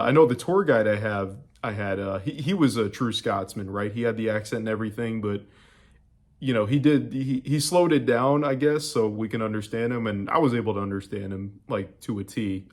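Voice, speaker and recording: A young man from the United States giving a casual, rambling travel recap to camera, full of fillers and restarts. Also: on the low side. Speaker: travel vlogger.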